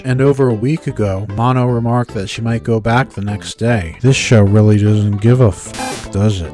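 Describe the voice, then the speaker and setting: Deadpan guy snarking through an anime review, mid-pitched voice, faint music behind. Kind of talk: sarcastic review commentary.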